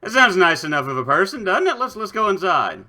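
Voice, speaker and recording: Playful, lively-voiced male streamer. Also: sits high, fairly quick. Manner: playful, joking asides, typing commands aloud. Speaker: game streamer. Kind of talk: casual gameplay commentary, reading game text aloud.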